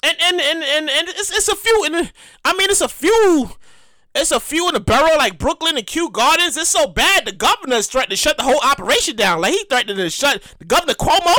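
A man's voice: extremely high pitch, animated, brisk, sharp tone, no room sound. A man on a casual, profane rant to camera, emphatic and repetitive. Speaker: vlogger. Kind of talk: casual ranting monologue.

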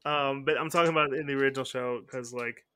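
A man's voice: medium pitch, fairly even intonation, fast talker, pushed and bright, a little hiss or hum. A man hosting a podcast, chatting casually and often restarting his sentences. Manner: rambling, self-correcting, frequent restarts. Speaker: podcast host. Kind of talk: casual chat.

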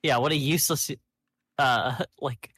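A man's voice: medium pitch, measured pace, a bit bright, slightly rough, no echo, clean studio sound. A man co-hosting a podcast in casual chat, blunt and profane, riffing in long rambling runs. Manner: blunt, swears a lot, rambling riffs. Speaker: podcast co-host.

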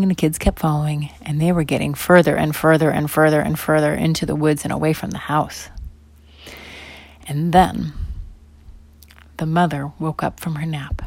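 A woman telling a children's bedtime story, animated and swinging between loud emphasis and whispers. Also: low-pitched, normal speed, creaky, no echo.

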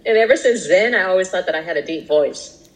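Animated low-voiced woman telling stories. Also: brisk, poor audio. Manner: animated storyteller, acts out voices in quotes. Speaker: podcast co-host. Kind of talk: casual chat, storytelling.

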